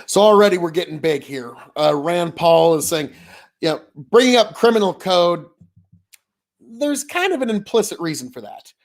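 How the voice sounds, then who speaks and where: A man's voice: high voice, lively intonation, moderate pace. A man hosting a casual video commentary, chatty and folksy, rambling and sending blessings to his viewers. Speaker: political commentary vlogger.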